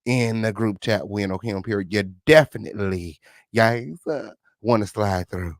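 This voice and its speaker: A man hosting a casual livestream, greeting viewers with flamboyant, sing-song shout-outs and sassy, profane chatter. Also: lowish voice, normal speed, no room sound, clean studio sound. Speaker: livestream host.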